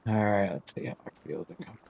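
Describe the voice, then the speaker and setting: Low gravelly man musing over gameplay. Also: quick pace, lo-fi sound, slight background noise. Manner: talks to himself, rambling, flares into exasperated rants. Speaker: gaming streamer. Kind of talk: casual gameplay commentary.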